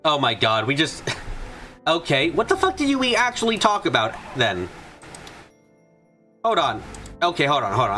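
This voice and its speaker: A young man streaming a game, reading its text aloud and giving wry, animated reactions. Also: fairly high pitch, normal speed, long pauses. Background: soft game music.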